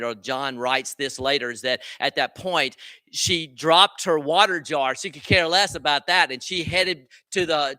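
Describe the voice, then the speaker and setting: A man's voice: a little high, bright, forceful tone, no room sound. A man preaching a sermon as a pastor, earnest and direct, often asking his listeners rhetorical questions.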